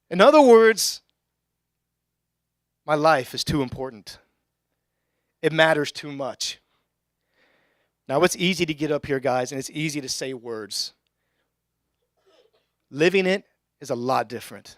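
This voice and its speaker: Animated male pastor preaching a sermon. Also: medium pitch, normal speed, long pauses, no echo, studio quality. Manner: conversational, joking asides, rising to excited shouts. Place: church sanctuary.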